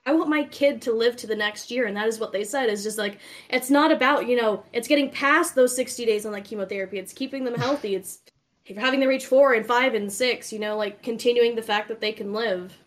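A woman's voice: a little high, fairly quick. Rambling, chatty young woman. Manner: rambling, chatty, swears freely. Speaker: podcast co-host. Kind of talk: casual stoned chat.

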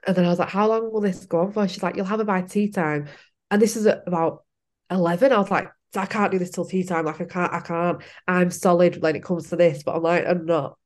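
A young woman tells a personal story in a relaxed interview. Her voice sits a little low, and she talks in a chatty way, laughing often. She acts out what she and others said at the time. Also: fairly quick. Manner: chatty, laughing often, acting out her own past lines. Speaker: podcast guest.

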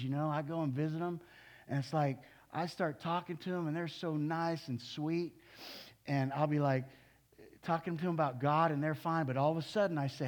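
A man in his sixties preaching from the pulpit in a relaxed, conversational manner. His voice sits fairly high for a man and jumps into loud, animated bursts when he drives a point home. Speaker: pastor. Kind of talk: sermon.

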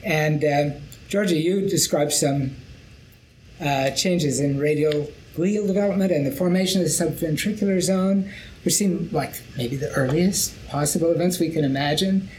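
A man hosting an academic panel podcast, speaking in a measured, thoughtful way with occasional fillers. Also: a little high, a little mellow, slight background noise, rough recording. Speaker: podcast host.

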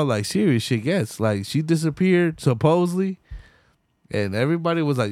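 A man's voice: on the high side, animated, a little slow, darkish tone, dry recording, clean studio sound. A man hosting a solo podcast, ranting in a heated, profane way and slipping into mocking voices. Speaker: podcast host.

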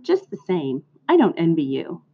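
A woman's voice: low voice, wildly swooping pitch, moderate pace, slight background noise, heavily acted. A woman doing a blunt, gloomy old sheep. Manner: matter-of-fact, blunt. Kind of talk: reading a storybook aloud. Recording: dull lo-fi recording.

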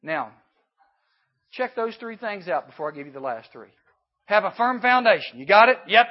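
High-voiced man preaching to a youth camp. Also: expressive, normal speed. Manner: emphatic, swings from hushed to loud. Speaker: camp speaker. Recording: dull lo-fi recording.

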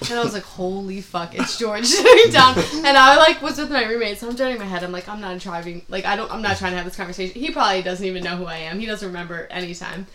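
A young woman co-hosting a casual chat, telling animated stories and swearing freely. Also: medium pitch, fast, few pauses. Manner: animated, swears freely, acts out quotes in loud voices. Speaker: podcast co-host.

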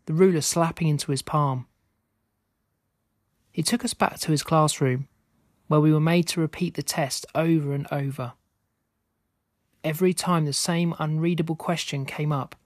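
Guy reading a creepy story, steady measured pace, kinda high voice, dry close sound. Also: dry recording. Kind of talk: scripted narration.

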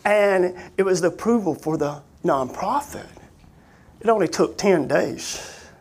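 A man's voice: high voice, animated, measured pace, a little mellow, slightly rough. A man who works as a missionary, earnestly and animatedly telling his personal testimony in folksy, plain-spoken grammar.

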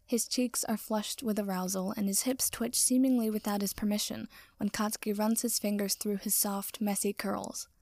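A woman narrating a story aloud in a soft, slow voice that often drops to a whisper. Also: mid-range voice, steady tone, vocal fry, no room sound. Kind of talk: reading fan fiction aloud.

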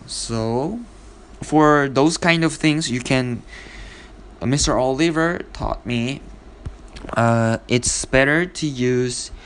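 A man hosting a casual English lesson, explaining an expression in halting, non-fluent English with many fillers and acted-out example lines. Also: medium pitch, a bit bright, clean tone. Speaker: host of an English expression podcast.

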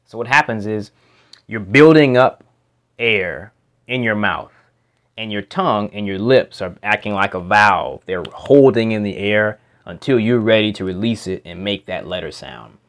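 A man with a somewhat low voice teaches pronunciation into a home microphone. He explains step by step, slowly repeating practice words and single sounds so the learner can copy them. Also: a bit bright. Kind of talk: instructional explanation.

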